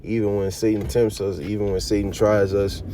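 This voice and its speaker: A man with a lowish voice teaching scripture in a loose, conversational style, dropping "all right" and "you know" between thoughts. He reads verses aloud with added weight. Traffic and outdoor noise run clearly behind him. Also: flat delivery, moderate pace, warm tone. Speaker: bible teacher. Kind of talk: informal bible study teaching.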